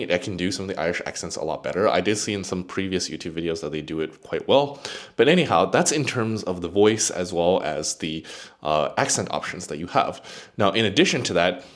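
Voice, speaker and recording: A man hosting a casual tech review video, chatting with an AI assistant as he goes. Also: sits low. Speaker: tech YouTuber.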